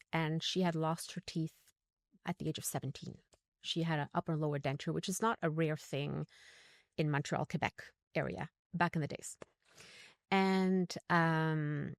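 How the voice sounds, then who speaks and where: A woman in her sixties, a guest on a podcast, telling a story in an animated way and acting out the quoted lines. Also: vocal fry, no room sound, studio quality. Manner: animated, acts out quotes with pitch leaps. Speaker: podcast guest, dental implant educator. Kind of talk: conversational storytelling.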